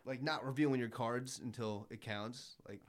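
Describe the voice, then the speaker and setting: Excitable young man recapping a show. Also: mid-range voice, normal speed, slight background noise. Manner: excitable, acts out quotes, swears casually. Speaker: podcast co-host. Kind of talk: casual anime recap chat.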